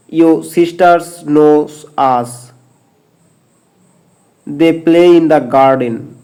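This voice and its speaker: A man reading short example sentences aloud, slowly and deliberately, one at a time, as an English teacher. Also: a little high, darkish tone, smooth, rough recording.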